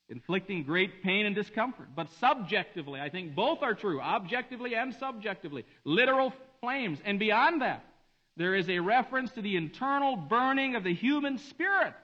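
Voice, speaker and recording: Male preacher, high voice, dramatic hushed-to-emphatic sermon style, muffled lo-fi sound. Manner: dramatic swings between hushed and emphatic delivery. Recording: dull lo-fi recording.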